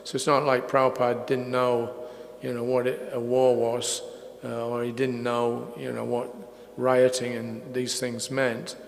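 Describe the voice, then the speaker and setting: An older man giving a religious lecture and answering questions. He tells stories in an unhurried way, with many fillers. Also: mid-range voice, flat delivery, gravelly. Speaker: speaker at a religious festival. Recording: echoey hall with faint noise.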